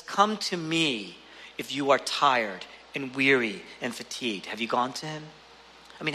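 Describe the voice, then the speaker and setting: A man preaching a sermon with emphatic delivery, swinging between raised, urgent passages and hushed, low ones, and often asking the listeners rhetorical questions. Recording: long reverb of a large hall.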